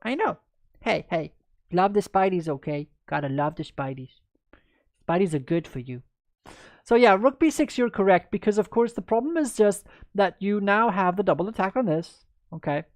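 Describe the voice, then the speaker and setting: A woman's voice: mid-range voice, animated, moderate pace, darkish tone, no room sound, clean studio sound. Chatty woman coaching chess live. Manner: chatty and upbeat, answers viewers by name. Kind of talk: livestreamed chess lesson, answering chat.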